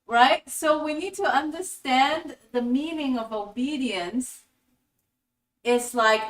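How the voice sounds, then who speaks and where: A woman hosting a spiritual teaching talk in a fairly high voice, animated and acting out little scenes as she explains. Her voice sounds set back from the mic in a roomy, echoey space. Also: slow pace. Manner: animated storytelling with acted-out quotes. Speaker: host. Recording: echoey room, voice from a distance.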